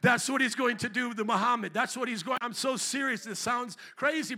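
A man preaching a fiery sermon as pastor, dropping to quiet asides and rising to shouted emphasis. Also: very high voice, fairly quick. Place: church.

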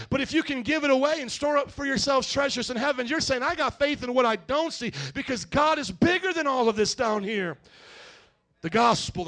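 A middle-aged male pastor preaching a sermon, calling out to the congregation and rising to shouts. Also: very high-pitched, gravelly. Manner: call-and-response, rising to shouts.

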